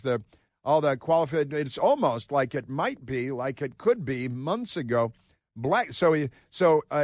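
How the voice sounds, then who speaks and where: A man hosts casual talk radio commentary, mocking and rambling, with frequent filler words. His voice is mid-range, captured in a dry recording with clean studio sound.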